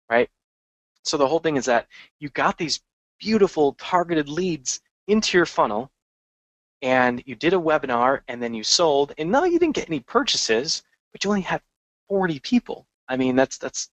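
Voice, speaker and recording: Energetic man, dry close mic. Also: on the high side, moderate pace, no room sound, poor audio. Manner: energetic, conversational, frequent restarts and asides. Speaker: podcast host and marketing coach. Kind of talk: casual business podcast monologue.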